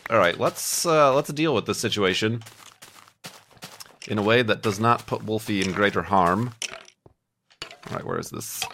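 Man, low and animated voice, slightly stuffy, chatty gaming commentary, self-mocking. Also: a little slow, vocal fry, pauses often, background noise. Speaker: gaming YouTuber. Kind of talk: casual let's-play commentary.

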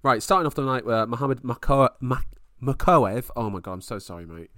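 A man co-hosting a casual fight podcast, excitable, laughing often and swearing freely. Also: mid-range voice, brisk, no room sound, studio quality. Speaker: podcast co-host.

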